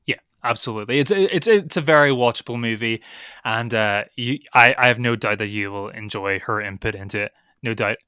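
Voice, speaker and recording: A young man with a Northern Irish accent, co-hosting a casual film podcast and giving opinionated, animated critiques. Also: fairly low pitch, fairly quick, clear, resonant tone, no room sound, studio quality. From Northern Ireland. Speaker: podcast co-host.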